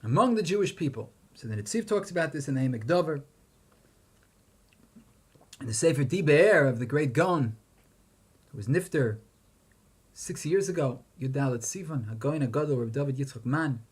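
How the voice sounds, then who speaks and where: A man's voice: fairly high pitch, animated, normal speed, pauses often, slightly rough. A man giving a Torah lecture, posing questions and chanting Hebrew verses with emphasis. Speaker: rabbi teaching Torah.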